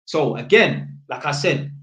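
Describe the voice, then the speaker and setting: A man's voice: on the high side, lively intonation, unhurried, a bit bright, roomy sound, rough recording. A young man with a London accent, telling a story to camera in casual street slang, with "innit" on almost every line, and acting out the voices of people he quotes. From England. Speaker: vlogger.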